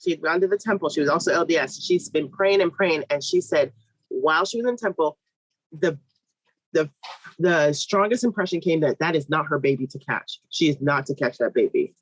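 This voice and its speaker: Her slightly rough voice comes through a low-quality, echo-free recording as this midwife, a podcast guest, tells of her own birth. She is animated and quick, leaping in pitch to act out what others said, with run-on sentences and restarts.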